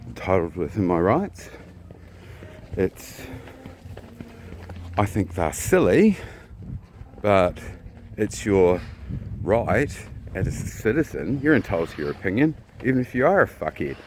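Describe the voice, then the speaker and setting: A man from New Zealand telling a personal story in a blunt, profane, casual way, often clearing his throat. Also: deep voice, sing-song, a little slow, long pauses, slight background noise.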